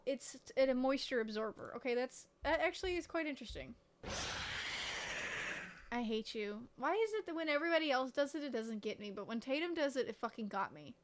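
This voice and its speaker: Woman, young adult, streamer, casual gameplay chat, giggly, swears, crisp bright tone. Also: high voice, expressive, fairly quick. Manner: giggly, swears a lot, reads game text aloud.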